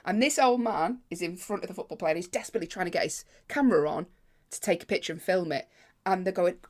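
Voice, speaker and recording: A woman comedian, telling a lively anecdote in casual podcast chat. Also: on the low side, fast. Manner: lively anecdote-telling, acts out other people.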